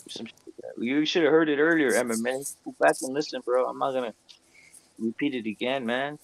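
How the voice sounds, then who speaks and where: A man rambles through a casual livestream chat, swearing constantly and tossing in "bro" and "dude". His voice sits at an ordinary middle pitch. The sound is close and dry, with no room around it. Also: moderate pace, no room sound, rough recording. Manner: rambling, heavy swearing, lots of 'bro' and 'dude'. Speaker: livestream co-host.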